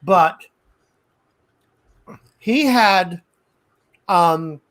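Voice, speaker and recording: A woman's voice: fairly low pitch, expressive, a bit bright, rough recording. A woman co-hosting a casual podcast chat, speaking thoughtfully and repeating words as she gathers her thoughts. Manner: slow, thoughtful, stumbles over repeated words. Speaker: podcast co-host.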